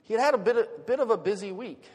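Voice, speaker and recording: A middle-aged man preaching a sermon as pastor, dropping to a hush and then rising loud in an expressive delivery. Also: high voice, fast, slightly rough. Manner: expressive, swinging from hushed to loud. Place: church sanctuary. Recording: long reverb of a hall.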